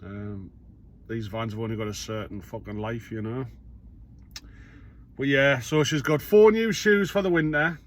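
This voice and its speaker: A middle-aged man chats to camera from his parked van. He is blunt and rambling, and he swears casually as he goes through his working day. Faint vehicle noise runs behind his steady, mid-pitched voice. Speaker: self-employed van courier. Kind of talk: casual vlog monologue.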